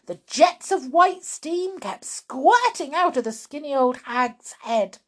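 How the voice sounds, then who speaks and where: Expressive woman reading a children's storybook. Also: high voice, slow pace. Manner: expressive, dramatic narration. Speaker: storybook reader.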